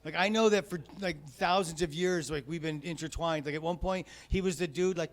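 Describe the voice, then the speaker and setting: Male stand-up comic, higher voice, profane and chatty, comedy club set. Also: fairly quick, few pauses, a crowd in the background. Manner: profane, conversational, rambling.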